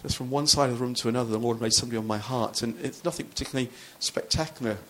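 A man's voice: medium pitch, steady tone, very fast, a bit bright. A man, a pastor, preaching a sermon in a loose, conversational storytelling way with frequent restarts.

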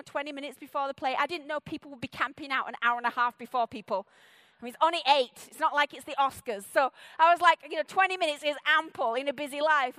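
A woman preaching a sermon in a church. She talks fast and sounds playful and full of energy. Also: high-pitched, bright, forceful tone, dry recording. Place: church stage.

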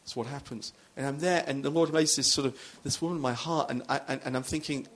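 A man's voice: mid-range voice, steady tone, fast talker, fairly bright tone. A man, a pastor, preaching a sermon in a loose, conversational storytelling way with frequent restarts.

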